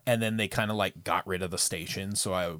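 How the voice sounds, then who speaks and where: A man with a low, easygoing voice chats casually, telling stories with loose fillers and pauses. The sound is dry and close, with no room around it. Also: steady tone, fairly bright tone, no room sound. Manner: laid-back storytelling with fillers. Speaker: window cleaner. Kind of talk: casual chat.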